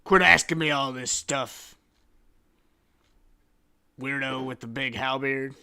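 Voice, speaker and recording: A man's voice: medium pitch, slow pace, pushed and bright, clear, resonant tone, exaggerated voice. A man voicing a drunk, fed-up male villager who rambles on and complains. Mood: grumbling.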